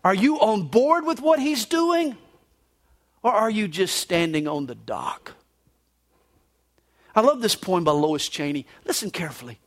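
A man's voice: high voice, sing-song, a little slow, long pauses. A male pastor preaching a sermon at a church service, with dramatic, emphatic storytelling. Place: church service before a congregation.

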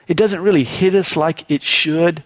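This is a sermon delivered in a chatty manner by a man whose tone stays steady. He says "you know" often, gets louder for emphasis, and goes quiet and slow for the solemn moments.

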